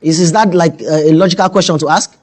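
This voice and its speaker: A man hosts the show with a rather high voice. He fires off quick, playful questions. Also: fairly even intonation, darkish tone. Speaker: host.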